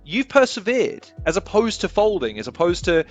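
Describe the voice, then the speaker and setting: A man's voice: sits high, sing-song, moderate pace, soft background music. A man hosting an interview, talking in an emphatic, opinionated way and swearing freely. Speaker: host. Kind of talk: casual interview chat.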